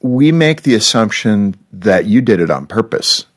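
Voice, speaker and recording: An older male host with a low voice that moves a lot in pitch. He interviews his guests in a relaxed, playful way and slips into quick asides. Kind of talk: conversational radio interview.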